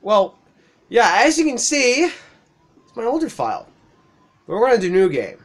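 Young man, let's play commentator, higher-pitched voice, profane, excitable, laughs a lot. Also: measured pace. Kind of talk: casual game commentary.

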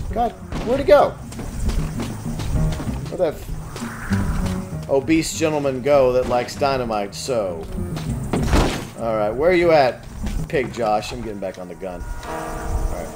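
A man hosting a casual gameplay commentary, cursing and yelling at the game. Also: on the high side. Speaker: gaming let's-play host.

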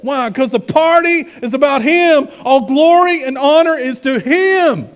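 A male pastor preaching a sermon in an animated way, asking the congregation rhetorical questions. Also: very high voice, moderate pace, few pauses.

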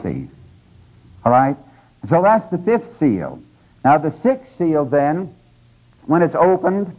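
Older male lecturer, raised pitch, conversational and emphatic, dull old lecture tape. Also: big pitch swings, takes it slowly, pauses often. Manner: conversational, emphatic teaching with asides. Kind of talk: religious lecture.

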